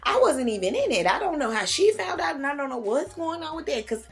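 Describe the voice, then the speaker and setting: A young woman vlogger telling a storytime in casual slang, jumping up high when she quotes herself. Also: a little fast. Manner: animated, slangy, big pitch jumps for quoted lines. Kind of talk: storytime vlog, casual retelling.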